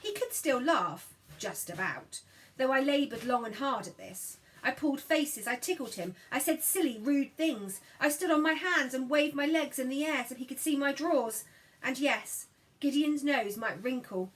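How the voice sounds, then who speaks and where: A woman reading a children's novel aloud in scripted narration, giving the dialogue lively voices. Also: on the high side, rough recording. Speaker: audiobook reader.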